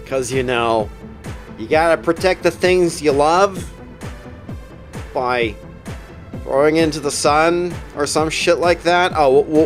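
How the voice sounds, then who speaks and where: A man giving a casual, sarcastic and profane comic book review with deadpan jokes. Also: fairly high pitch, takes it slowly, long pauses, soft background music.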